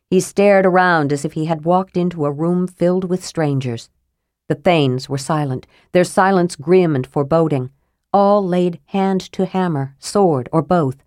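A woman narrating a fantasy audiobook in a measured, steady reading. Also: lowish voice, no room sound, clean studio sound.

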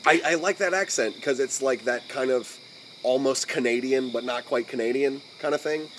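An American man with a General American accent hosting a podcast in casual chat. He rambles, restarts often, and fills his talk with "like", and his voice jumps high when he is amused. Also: normal speed, a little hiss or hum, low-quality recording. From United States. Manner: rambling, many restarts and "like" fillers. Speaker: podcast host.

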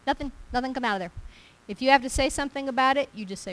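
Woman preacher, fairly high voice, emphatic and repetitive, conversational sermon delivery. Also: racing, poor audio.

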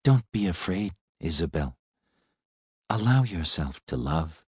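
A gentle, sorrowful old robot, as a man reads him aloud speaks softly and slowly in a deep voice. His quiet words come dry and close, with lifting, shifting pitch. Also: sing-song, slightly rough, no room sound, full character voice. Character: old gentle male robot, soft-spoken, sad.

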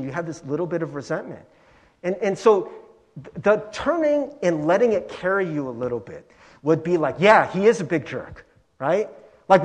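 A male pastor giving a conversational sermon, animated and chatty, peppering his talk with "like" and "right?". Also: high voice.

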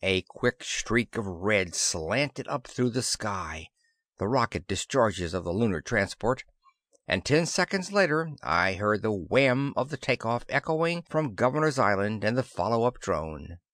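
A man's voice: on the low side, sing-song, measured pace, a bit bright, no echo, studio quality. A man narrating a science fiction audiobook in the first person, giving the characters their own voices. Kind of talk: scripted narration.

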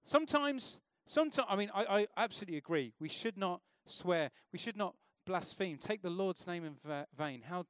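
A man's voice: sits high, lively intonation, normal speed, hardly any pauses, a bit bright, clean tone, no room sound, clean studio sound. A man preaching an informal sermon in a church, talking conversationally and asking the congregation questions.

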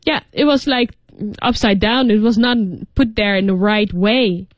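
A woman's voice: on the high side, a little slow, no echo. A woman co-hosting a radio lesson, reading story lines and explaining English words in a loose, chatty way full of fillers. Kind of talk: casual teaching chat. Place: radio studio.

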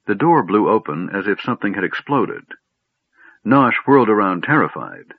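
A man narrating a fantasy story in a measured storytelling manner. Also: on the low side, big pitch swings, breathy edge, no echo. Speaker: audiobook narrator. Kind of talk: scripted narration. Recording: dry, tinny phone-like audio.

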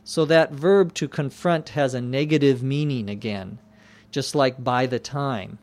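A man teaching English vocabulary, explaining words slowly and spelling them out letter by letter. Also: mid-range voice, darkish tone. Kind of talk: slow explanatory lesson.

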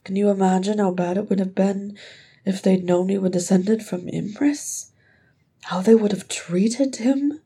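A woman's voice: mid-range voice, unhurried, mellow, breathy edge. A woman voicing a young male dwarf, the earnest, tearful youngest brother, with a raised, pleading voice. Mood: upset.

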